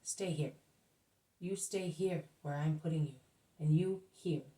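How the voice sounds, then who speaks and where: A burly, furious innkeeper growls blunt threats, as a woman reading a storybook aloud puts him on. The voice sits low and dark, heard from some distance off the mic. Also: a little slow.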